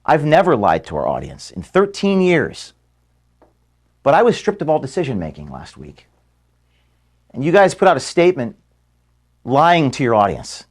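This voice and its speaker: A man's voice: medium pitch, wildly swooping pitch. Earnest man in an office. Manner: earnest and measured, dropping quiet and halting when moved. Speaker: organization founder addressing staff. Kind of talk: emotional farewell statement. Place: office room at headquarters.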